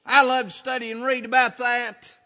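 A man preaching a sermon, emphatic and building to shouts on his key points. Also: extremely high pitch, flat delivery, moderate pace. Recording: reverberant hall.

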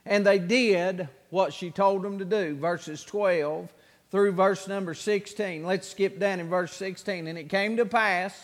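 A man's voice: high-pitched, fairly even intonation, unhurried, in a large hall. A man preaching a sermon as pastor, reading scripture aloud in a raised, emphatic voice.

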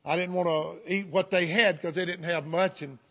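A man's voice: high voice, steady tone, moderate pace, bright, forceful tone. A middle-aged man with a Southern US accent preaching a sermon, telling folksy stories and breaking in with praise and amens. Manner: folksy storytelling with fervent interjections.

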